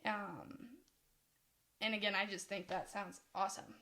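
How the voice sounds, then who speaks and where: A woman's voice: mid-range voice, steady tone, measured pace, vocal fry, sharp tone. A young woman co-presenting course material in a casual discussion, rambling, often breaking off mid-thought and laughing.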